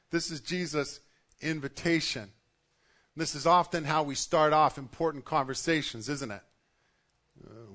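A man's voice: a little high, a bit bright. A middle-aged man preaching a sermon to his congregation in a conversational way, often restarting his sentences. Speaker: pastor.

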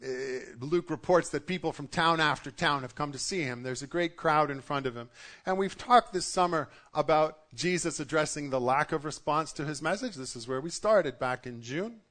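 A man's voice: a little high, normal speed, a bit bright. A middle-aged man preaching a sermon to his congregation in a conversational way, often restarting his sentences. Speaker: pastor.

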